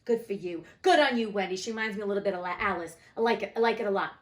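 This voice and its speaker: A woman's voice: mid-range voice, very fast. A woman from New Jersey reading a classic book aloud and breaking off for sassy, blunt commentary. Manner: sassy, blunt, swears casually. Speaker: audiobook reader and commentator. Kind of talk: casual storytime reading with commentary.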